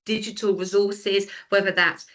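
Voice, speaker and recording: A woman's voice: mid-range voice, little pitch movement, normal speed, a bit bright. A woman co-hosting a podcast, talking things through in a thoughtful, hedging way. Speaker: podcast co-host, early years trainer. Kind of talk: casual podcast discussion.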